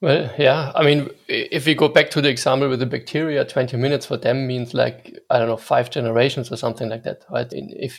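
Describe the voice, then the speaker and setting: Flat gravelly man thinking aloud. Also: medium pitch. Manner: hesitant, thinks aloud with fillers. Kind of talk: casual podcast conversation.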